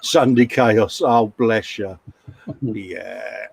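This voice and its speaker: Stream host, middle-aged, matey and chatty, scolding gently. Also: male voice, lowish voice, very slow, vocal fry, a little hiss or hum. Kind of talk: casual chat reading viewer comments.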